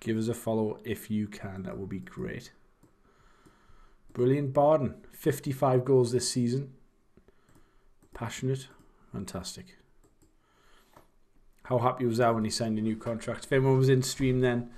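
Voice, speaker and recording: A man's voice: medium pitch, unhurried, pauses often, warm tone. A young man, casually chatting and rambling while commentating on his own game. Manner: rambling, chatty, self-deprecating. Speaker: streamer.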